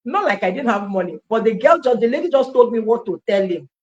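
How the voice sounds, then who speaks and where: A Nigerian woman telling her life story as an interview guest, an animated storyteller who acts out quoted dialogue and slips into Pidgin. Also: on the high side, fast, highs cut off. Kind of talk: personal testimony in an interview.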